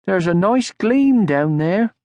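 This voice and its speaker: A kind, calm mother troll, as a man puts her on, speaks gently in a somewhat raised voice. The storybook reading sounds dry and close. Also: high-pitched, takes it slowly, dry recording, pitched above the performer's own voice, heavily acted. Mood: gentle. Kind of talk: audiobook character voice.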